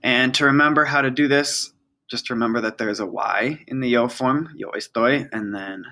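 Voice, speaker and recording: A man's voice: medium pitch, bright, forceful tone, low-quality recording. A man teaching a casual video lesson, explaining patiently and repeating the key forms. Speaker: Spanish teacher.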